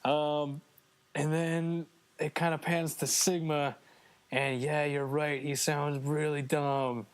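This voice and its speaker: A man's voice: fairly high pitch, little pitch movement, takes it slowly, smooth. A man co-hosting a casual gaming podcast, chatty and joking with frequent fillers. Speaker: podcast co-host. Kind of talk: casual chat.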